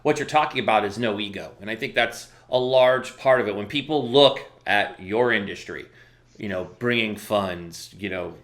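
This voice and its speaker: A man's voice: fairly low pitch, normal speed, fairly bright tone. A man hosting an interview, responding to his guest in an affirming, conversational way. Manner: affirming, conversational, many restarts. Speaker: host. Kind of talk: interview chat.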